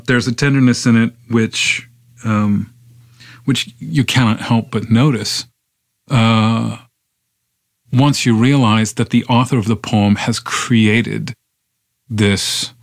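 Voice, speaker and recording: A man reading a poem aloud on a podcast, then reflecting on it in a measured, unhurried way with thoughtful pauses. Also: fairly low pitch, dry recording, studio quality. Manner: measured and unhurried, with pauses and fillers when speaking freely. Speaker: podcast poetry reader. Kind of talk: slow poetry reading and reflective commentary.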